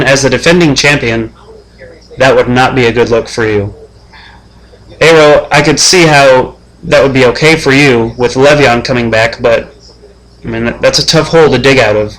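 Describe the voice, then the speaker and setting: Deadpan trash-talking league commissioner, male. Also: mid-range voice, poor audio. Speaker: fantasy football league commissioner. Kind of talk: mock sports-show preview.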